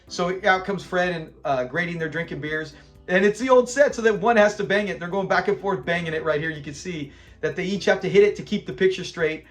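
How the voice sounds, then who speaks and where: A man hosting his own channel, giving a casual recap of a sitcom episode, chatty and animated, acting out the characters' lines. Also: high voice, fast talker, faint music behind. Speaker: channel host.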